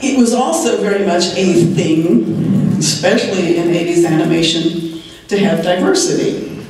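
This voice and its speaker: A woman's voice: fairly low pitch, a little slow, a little mellow. Chatty older woman in an echoey hall. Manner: chatty, laughs often while telling stories. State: slightly hoarse, clearing her throat. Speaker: TV writer on a convention panel. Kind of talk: anecdotal convention talk. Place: large convention hall. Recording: very echoey hall, voice heard from far off.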